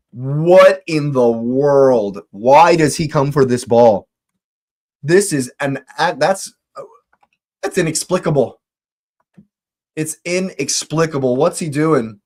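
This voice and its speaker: Male fan host for a live match reaction stream, unhurried, repeats himself in disbelief, mid-range voice. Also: medium pitch, a little mellow. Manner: exasperated, repeats phrases, slow deliberate delivery. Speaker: watch-along host.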